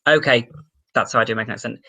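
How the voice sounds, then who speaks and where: A man's voice: mid-range voice, quick pace, pushed and bright, dull audio. A man livestreaming, casually reading viewer comments and answering questions in an offhand, chatty way.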